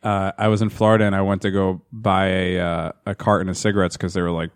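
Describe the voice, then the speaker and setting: A man with a New Jersey accent, talking fast in casual, profane podcast banter. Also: low-pitched, level tone, smooth, dry recording, clean studio sound.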